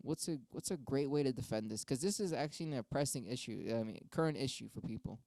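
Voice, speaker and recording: A man's voice: mid-range voice, animated, quick pace, a little mellow, no echo. Man ranting live, angry and profane, repeats himself, dry close sound. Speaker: TikTok live streamer. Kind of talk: heated casual rant. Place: home.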